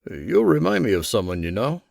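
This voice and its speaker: A man voicing a calm, enigmatic older stranger who speaks softly and in a measured, faintly amused way. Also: medium pitch, vocal fry, no echo, studio quality, exaggerated voice.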